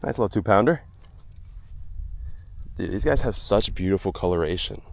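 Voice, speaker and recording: A man vlogging outdoors by the water while fishing, talking casually and breaking into excited exclamations. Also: low-pitched, normal speed, creaky, slight background noise. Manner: excitable, keeps exclaiming, breathless bursts. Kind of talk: casual outdoor vlog commentary.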